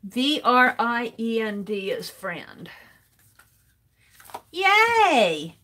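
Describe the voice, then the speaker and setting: A woman's voice: a little high, very animated, drawn-out words, pushed and bright. A woman chatting casually with viewers on a live art stream while she cuts a stencil, greeting people by name and sounding out words playfully.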